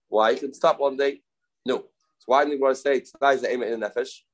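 A man teaching a Talmud lesson, halting and repeating phrases, mixing English with Hebrew and Aramaic terms. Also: medium pitch, poor audio. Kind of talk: Talmud study class.

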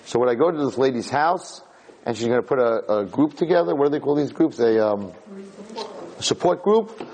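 A man giving a sermon as a rabbi, telling a story in a lively way that builds to emphatic points. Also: medium pitch, rough recording. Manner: animated storytelling, rising to emphatic peaks.

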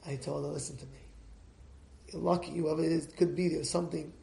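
High-voiced rabbi telling a story, really animated, big echoey room. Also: male voice, fairly quick, vocal fry. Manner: animated, acts out voices, swings between hushed and shouting. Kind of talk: storytelling sermon.

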